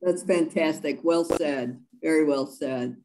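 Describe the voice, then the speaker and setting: A woman moderating a conference panel over a video call, asking questions and giving quick affirmations. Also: sits low, dark tone, slight background noise, low-quality recording.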